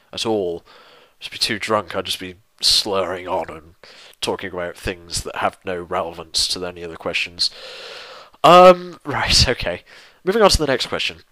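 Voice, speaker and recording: In a casual Q&A, a young man from England rambles, mildly swears and runs himself down while answering viewers' questions. His voice is low and sharp-toned at normal speed, with no echo.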